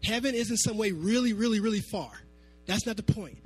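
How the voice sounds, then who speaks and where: A man preaching a sermon to his congregation, animated and conversational, dropping to quiet asides and then climbing to loud, emphatic peaks. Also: high voice, brisk, slightly rough, faint music behind. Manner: animated, swinging from soft asides to shouting. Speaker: pastor.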